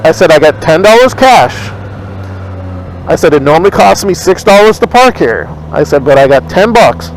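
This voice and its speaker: A man vlogs while riding a motorcycle outdoors on city streets, casually rambling as he retells an argument in a blunt, profane way. His slightly high voice is expressive and fairly quick with few pauses. The recording is rough, with faint street and traffic noise behind him.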